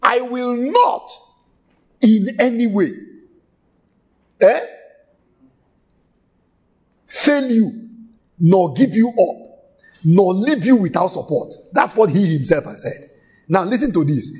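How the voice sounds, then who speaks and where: A male preacher with a high voice that rises and falls widely. He delivers his sermon emphatically and stretches out key phrases. He repeats each point several times for stress. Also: big pitch swings, unhurried, pauses often, a little mellow.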